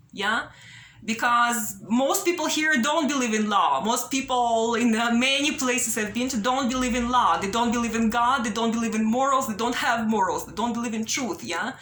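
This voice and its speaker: A woman making an earnest, pleading appeal straight to the viewer, talking slowly and repeating herself, often tagging her sentences with "yeah?". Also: on the high side, a bit bright, slight background noise. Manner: slow, repetitive, pleading, ends phrases with "yeah?". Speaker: vlogger. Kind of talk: earnest direct-to-camera appeal. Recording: roomy echo.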